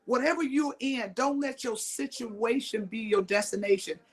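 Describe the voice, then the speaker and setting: Her voice is husky and fairly high, at a normal speed. A middle-aged motivational speaker from Mississippi, she talks emphatically, repeats her central lines, and keeps throwing questions at her listeners.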